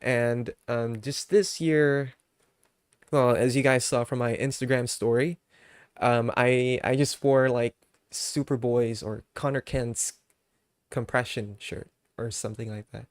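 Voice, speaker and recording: Male streamer, easygoing and rambling, filler-heavy casual chat, mid-pitched voice, dry sound. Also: fairly even intonation, smooth, dry recording. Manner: laid-back, rambling, many fillers, quick to laugh.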